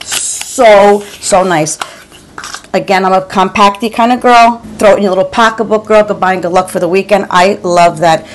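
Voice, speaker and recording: A chatty woman in her forties or fifties reviews makeup from her home. Her voice sits a little low, and she talks to viewers like a friend, calling them "girl" and stumbling over repeated words. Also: slight background noise. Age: 40s or 50s. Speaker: beauty vlogger. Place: home room.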